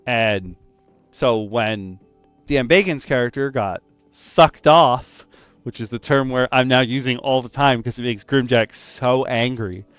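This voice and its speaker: A man's voice: mid-range voice, a little slow, clean tone, no echo, lo-fi sound, soft background music. A man who is a dungeon master, casually recounting a tabletop session and acting out his players' voices. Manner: animated storyteller, acts out his players' voices. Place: online voice call. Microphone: gaming headset.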